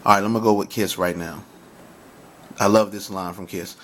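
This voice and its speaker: Excited lower-voiced man talking hip-hop. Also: a little fast, a little hiss or hum. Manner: excited, stammers and restarts, recites lyrics. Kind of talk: casual monologue to viewers.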